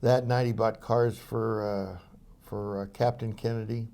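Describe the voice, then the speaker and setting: A man's voice: lowish voice, little pitch movement, a little slow, creaky, dark tone. An older man, a former police officer, telling anecdotes in an interview, with many fillers and restarts. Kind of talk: storytelling interview.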